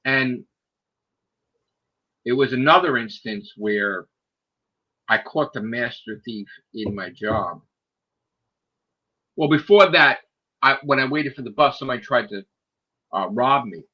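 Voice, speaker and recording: A man telling a story in casual chat, swearing a lot and acting out the people in it, sometimes shouting. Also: mid-range voice, a little slow, pauses often, breathy edge, lo-fi sound. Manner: animated, profane, acts out quoted people in raised shouting voices.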